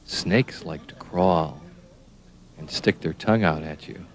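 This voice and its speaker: A man's voice: extremely low pitch, takes it slowly, a little hiss or hum. A man teaching young children animal names, spelling words out letter by letter and asking the listener questions.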